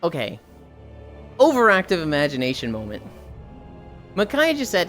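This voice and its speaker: A woman streamer chatting casually with her chat, swearing and laughing as she goes. Her voice sits low but swings widely in pitch. Faint music plays underneath. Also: very animated, measured pace. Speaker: livestreamer.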